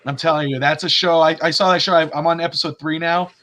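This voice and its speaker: A man co-hosting a casual sports podcast, telling stories in an animated way and acting out quotes. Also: fairly high pitch, fast talker. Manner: animated storyteller, acts out quotes, swears casually. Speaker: podcast co-host.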